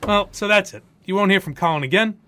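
A man with a high voice hosts a podcast, chatting casually and speaking quickly as he tells stories. He slips into mock voices to imitate the people involved, and the recording has no room sound.

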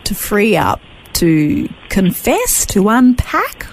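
Female interviewer, attentive, lively pitch, faint background hiss. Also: takes it slowly, poor audio. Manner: attentive, prompting questions. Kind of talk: radio interview.

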